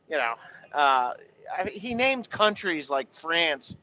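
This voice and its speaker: Guy farmer venting, swears a lot, says you know every other line, kinda high voice, muffled recording. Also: very animated, slow, pushed and bright. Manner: blunt and profane, full of "you know" fillers. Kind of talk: casual rambling monologue.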